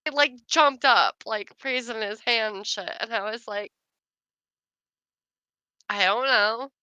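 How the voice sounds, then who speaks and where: A woman's voice: on the high side, slow, pushed and bright, clear, resonant tone, dry recording. A young woman casually telling a funny work story to her sister, laughing often and saying "like" a lot. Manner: chatty, many fillers like "like". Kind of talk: casual chat.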